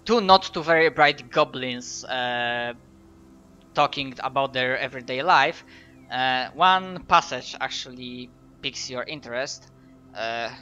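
A man's voice: mid-range voice, a little slow, pushed and bright, dull audio, faint music behind. A man running a tabletop game as game master, narrating with hesitant fillers and self-corrections.

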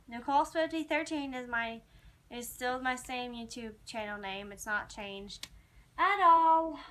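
A young woman vlogging in a casual, rambling way, chatting excitedly to her viewers as a fan. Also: on the high side. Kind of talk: casual chat to camera.

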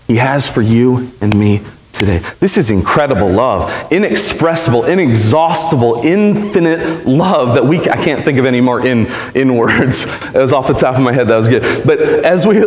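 A man's voice: mid-range voice, roomy sound, in a large hall. A young man preaching a live sermon in church, chatty and joking, putting questions to the congregation. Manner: conversational, asks the congregation questions, jokes. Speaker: pastor. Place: church sanctuary.

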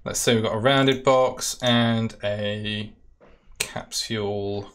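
Laid-back British man, lowish pitch, live tutorial explainer. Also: fairly even intonation, slow, a bit bright, smooth. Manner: casual, talks through steps while clicking. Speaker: product specialist demoing software. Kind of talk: live-stream software tutorial Q&A.

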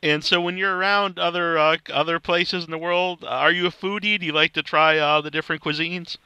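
A man's voice: on the high side, steady tone, brisk, sharp tone, clear, resonant tone, no room sound. A man interviewing a guest, asking casual questions and cracking self-deprecating jokes.

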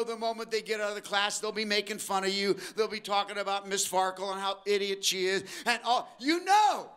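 An older man preaching a sermon to his church, swinging between slow emphatic phrases and quick asides, and briefly acting out the voices of the people he describes. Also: sits high, smooth. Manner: preaching with sudden shifts in pace and loudness, acting out voices of listeners. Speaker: pastor. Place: church auditorium.

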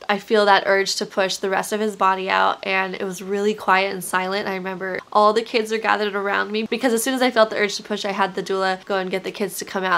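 A woman in her thirties telling a personal story on her vlog in a soft, heartfelt way, full of fillers. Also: mid-range voice.

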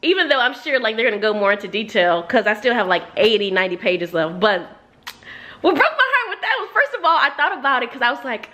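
A woman's voice: a little high, fast talker. A woman chatting casually in a reading reaction vlog, exclaiming and cursing as she talks to her viewers. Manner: animated, profane, exclamatory chatter addressed to viewers. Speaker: book vlogger.

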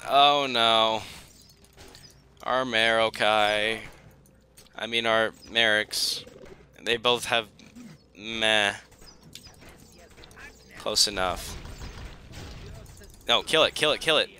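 A man's voice: on the low side, very slow, pauses often, bright, forceful tone, a little hiss or hum. A young man commentating his own strategy game, pleading and joking at the enemy in a dramatic, self-mocking way. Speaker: gaming YouTuber. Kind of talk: gameplay commentary.

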